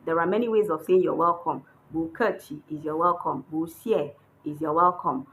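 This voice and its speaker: Woman, language teacher, slow patient delivery, lowish voice, faint background hiss. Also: steady tone, a bit bright, poor audio. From Nigeria. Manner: patient, checks in with frequent "hmm?". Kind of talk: online lesson, explaining while writing characters.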